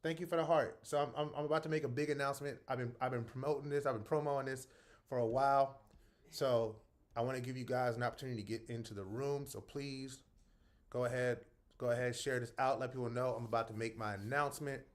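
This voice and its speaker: A middle-aged man from the American South, hosting a casual livestream. He greets viewers one by one by name with upbeat energy, then drops to a soft, earnest tone. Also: medium pitch, fairly even intonation, fast. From North Charleston, South Carolina. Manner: soft and earnest when speaking from the heart. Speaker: livestream host.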